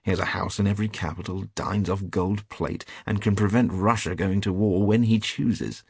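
A worldly painter with a drawling, teasing manner, read by a man. The voice is low and husky. The reading is dry and close. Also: fairly even intonation, moderate pace, no room sound, exaggerated voice.

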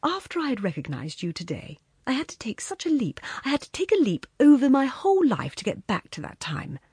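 A man's voice: very high-pitched, wildly swooping pitch, a little fast, no echo, studio quality, pitched above the performer's own voice, heavily acted. A woman reading as a wistful, earnest man. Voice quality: husky, breathy. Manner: soft, earnest, musing. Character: wistful, wheedling former young lover, man.

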